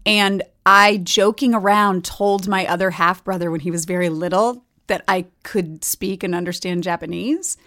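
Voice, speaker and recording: A woman guest on a comedy podcast, telling anecdotes in a wry, animated way. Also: lowish voice, normal speed, few pauses. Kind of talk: comedic storytelling.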